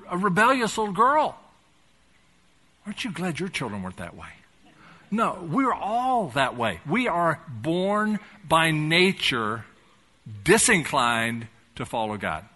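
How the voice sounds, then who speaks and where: An older man preaching a sermon as pastor, asking rhetorical questions and swinging between loud and soft. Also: fairly high pitch.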